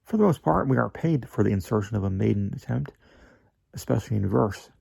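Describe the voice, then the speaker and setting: A man's voice: lowish voice, expressive, a little fast, creaky, warm tone, breathy edge, no echo, exaggerated voice. A man voicing a fawning, evasive male magazine editor who hedges, stalls and sometimes slips into a whisper. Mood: wheedling. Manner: wheedling, hesitant, drops to a whisper. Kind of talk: dramatic reading of a classic story.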